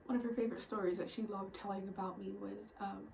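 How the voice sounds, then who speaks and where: Young woman vlogger, hushed and halting, emotional, faint hiss behind her. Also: mid-range voice, fairly even intonation, creaky, low-quality recording. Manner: soft-spoken, often near a whisper, halting. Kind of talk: personal storytelling vlog.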